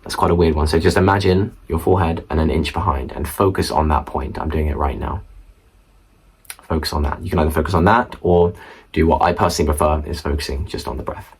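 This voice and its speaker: Talking fast in a very deep, breathy voice, a young man vlogs from an indoor room at home, explaining study tips and chatting with the viewer. The camera mic faces the viewer, and the audio quality is poor.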